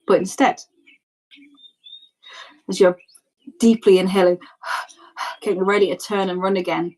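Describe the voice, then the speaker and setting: A woman runs a tabletop role-play as game master, her voice sitting in a middle pitch. She narrates loosely and descriptively, filling gaps with casual fillers. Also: fairly even intonation, unhurried, a little mellow, rough recording.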